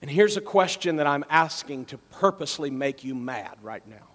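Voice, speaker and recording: A male pastor, preaching a sermon with dramatic storytelling that swings between loud passages and quiet ones. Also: a little high, lively intonation, moderate pace, long reverb tail.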